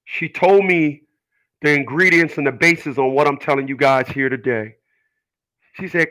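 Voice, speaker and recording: A middle-aged channel host gives an emphatic personal monologue to his audience in a bright, forceful voice pitched a bit higher than most men's. He is unhurried and pauses often, pressing his points with earnest, preachy conviction, though the audio quality is poor.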